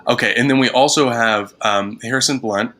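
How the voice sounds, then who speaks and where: A man's voice: medium pitch, brisk, noisy background. A man, a theater director, chatting casually and praising his cast with easy laughs. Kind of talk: casual interview chat.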